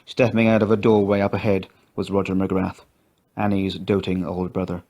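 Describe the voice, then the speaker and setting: A man narrating an audio story in a steady, measured way. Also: sits low. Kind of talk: scripted narration.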